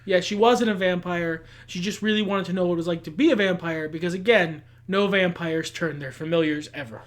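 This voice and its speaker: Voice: mid-range voice, fairly quick. A podcast co-host in casual chat, blunt and opinionated, swearing freely and often laughing. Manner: laughs often while talking.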